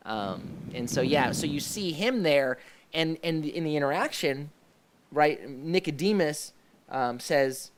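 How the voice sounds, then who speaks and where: A man's voice: a little high, animated, a little slow. Male host, church talk show, loose and rambling, stops and restarts often. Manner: rambling, with many restarts and fillers. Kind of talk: casual discussion.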